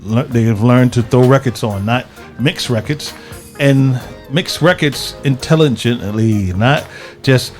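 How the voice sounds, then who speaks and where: A man's voice: medium pitch, a little slow, a little mellow, soft background music. A man co-hosting a call-in radio show, talking casually and laid-back, often trailing off mid-phrase.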